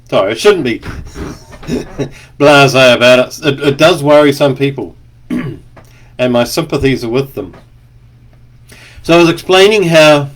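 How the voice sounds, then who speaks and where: A man, an author, talking in a rambling, chatty monologue, stopping now and then to cough. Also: a little high. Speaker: author and speaker. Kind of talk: casual spoken monologue.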